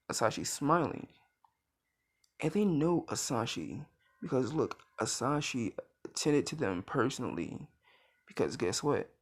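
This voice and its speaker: A young man narrating a fan story in a casual, rambling way, with lots of filler words and self-corrections. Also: mid-range voice.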